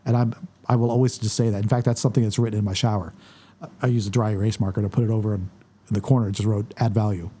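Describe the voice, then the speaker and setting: This photographer, a guest in a laid-back podcast chat, races along in a lowish male voice. He tells stories and plays out the remarks of others with animation.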